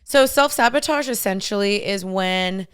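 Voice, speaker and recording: A young woman co-hosting a casual podcast, giving earnest advice on relationships in quick bursts. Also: medium pitch, fairly bright tone, clear, resonant tone. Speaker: podcast co-host and author.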